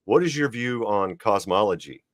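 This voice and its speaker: A very deep-voiced man hosts an interview show, relaxed and easygoing as he sets up his questions. The sound is dry and close, with no room around it. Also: moderate pace, no echo. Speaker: host. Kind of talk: casual interview chat.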